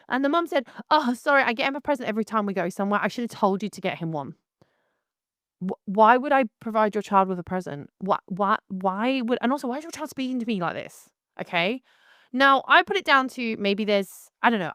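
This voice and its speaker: A woman's voice: mid-range voice, fairly bright tone, no room sound, clean studio sound. A woman, a photographer, telling a story about a client in a rambling, exasperated monologue full of restarts. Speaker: photographer and host.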